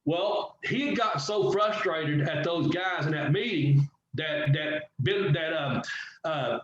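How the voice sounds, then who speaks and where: A middle-aged former wrestler telling a story in a casual interview, animated and swearing freely as he acts out what others said. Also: on the high side, slow pace. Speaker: guest, former pro wrestler. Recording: echoey, dull, slightly noisy audio.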